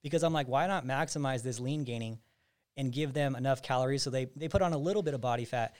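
A man's voice: medium pitch, quick pace, clear, resonant tone. Man explaining coaching plans at length. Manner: explains at length with frequent restarts. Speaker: physique coach and podcast host. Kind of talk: casual podcast chat.

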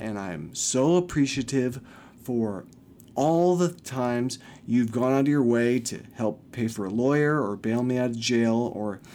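A man's voice: mid-range voice, mellow. A young man holds forth on his podcast in a mid-range voice, frustrated and swearing. His speech runs in long, heated stretches. Faint noise sits under the recording. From California. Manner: frustrated, ranting, swears often, mimics his mother. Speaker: podcast host. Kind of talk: personal monologue.

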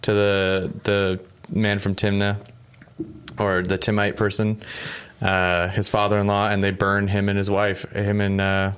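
A man with a very low, smooth, resonant voice chats on a podcast. He rambles through a story with a joking tone, dropping into quick acted-out lines for the characters. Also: monotone, fairly bright tone. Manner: rambling, jokey, acts out quoted lines. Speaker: podcast co-host. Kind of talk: casual chat retelling a story.

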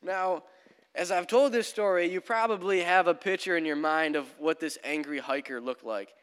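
Man, young pastor, casual sermon storytelling, slightly high voice, reverberant church. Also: normal speed, fairly bright tone, clean tone. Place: church sanctuary. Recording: long church hall reverb.

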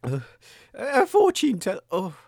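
A woman doing a feverish, halting male DJ. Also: on the high side, wildly swooping pitch, a little mellow, no echo, studio quality, heavily acted. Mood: sickly. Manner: groggy, halting, dramatically sickly. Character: feverish, melodramatic male radio host. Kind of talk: comedy radio sketch acting.

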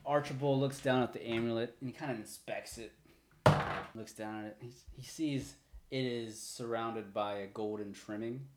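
A man narrating a tabletop game as game master in a loose, relaxed way. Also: medium pitch, normal speed, slight background noise. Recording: roomy echo.

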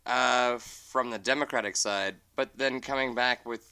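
A man's voice: medium pitch, unhurried, bright, forceful tone, clear, resonant tone. A man co-hosting a casual political chat, analytical and rambling, full of hedges and restarts. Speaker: podcast co-host.

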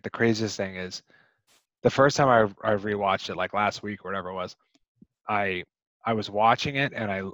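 Guy w a lowish voice rambling about a movie on a podcast, kinda dull lo-fi audio. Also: a bit bright, no room sound. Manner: rambling, many restarts and fillers. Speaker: podcast co-host. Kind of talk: casual movie discussion.

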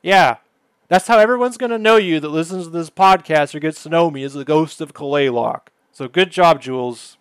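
A man's voice: on the high side, a little fast, smooth, dry recording. A man hosting a podcast, telling a story in a casual, exasperated way. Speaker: podcast host.

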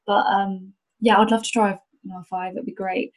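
A woman's voice: medium pitch, little pitch movement, normal speed, poor audio. A young woman from North Wales, a rally driver co-hosting a podcast, talking in a chatty, enthusiastic way with frequent laughter. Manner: chatty and enthusiastic, many restarts and fillers, laughs often. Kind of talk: casual conversational interview.

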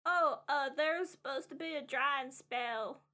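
A woman's voice: sits high, takes it slowly, pushed and bright, voice pushed up, heavily acted. A woman doing a stammering eager little boy.

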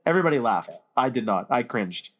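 A man's voice: medium pitch, very animated, fairly quick, fairly bright tone. A man hosting a casual movie discussion podcast, giving strong opinions and steering the talk with questions. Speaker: podcast host.

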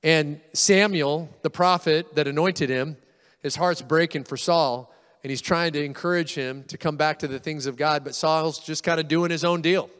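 A male pastor preaches in a loose, conversational storytelling style, slipping into the voices of the people he describes. His voice sits a little high and comes through smooth and resonant. A long reverb trails after him, as in a big church hall. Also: fairly even intonation, moderate pace, a bit bright. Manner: casual storytelling, acts out quoted voices. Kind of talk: sermon.

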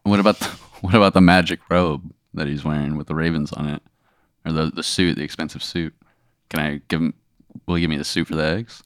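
A man's voice: extremely low pitch, fairly even intonation, brisk, no echo. A man playing in a tabletop game, asking dry, hesitant questions. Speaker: player, comedian. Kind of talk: casual game play.

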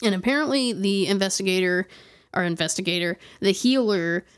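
A woman's voice: mid-range voice, fairly quick, clear, resonant tone. A woman co-hosting a podcast, telling a ghost story in casual chat, full of "like" fillers and restarts. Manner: rambling, many "like" fillers and restarts.

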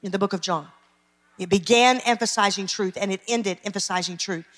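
A woman's voice: medium pitch, fairly quick, a bit bright. A woman pastor, preaching an emphatic sermon and calling out to her congregation. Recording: long hall reverb.

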